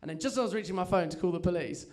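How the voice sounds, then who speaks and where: A man's voice: high voice, very fast, a little mellow. A young man doing a chatty, self-mocking stand-up set on a comedy club stage, telling stories with lots of energy.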